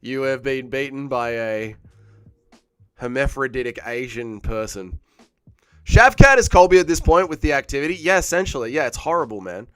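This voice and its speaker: A man's voice: medium pitch, animated, normal speed, a bit bright, smooth, no room sound. A man, hosting a casual fight watch-along stream and joking crudely as he reads chat aloud. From Australia. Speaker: livestream host.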